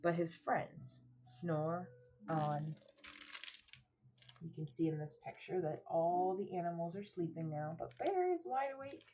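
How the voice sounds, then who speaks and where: A young woman teacher reading a picture book aloud to children in a rhythmic, expressive way, pausing to ask them questions. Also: medium pitch, a little hiss or hum. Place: cozy room at home.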